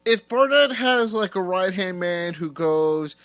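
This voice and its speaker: A man's voice: high voice, animated, unhurried, gravelly, fairly bright tone, clean tone, no echo. A man on a podcast, questioning a plot point and arguing his case. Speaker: podcast co-host. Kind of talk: casual chat.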